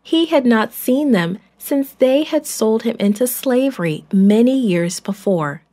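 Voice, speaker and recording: A woman narrating a children's Bible story in a clear storytelling manner. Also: on the high side, animated, unhurried, mellow.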